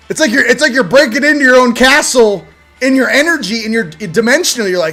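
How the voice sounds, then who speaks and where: A man's voice: high voice, lively intonation, fast, pushed and bright, faint music behind. A man hosting a casual spiritual chat show, rambling and joking, acting out little voices and laughing. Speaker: host.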